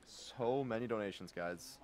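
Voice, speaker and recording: A man's voice: on the low side, unhurried, a crowd in the background. A man hosting a charity live stream, reading donation comments aloud in a casual, jokey way.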